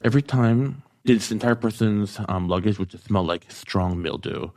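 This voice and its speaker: A man with a deep, low voice recounts a story in a halting way, filling nearly every pause with "like." The sound is dry and close, with no room around it. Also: a little mellow, no echo. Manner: hesitant, heavy use of "like" fillers. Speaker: podcast guest. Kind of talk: casual storytelling.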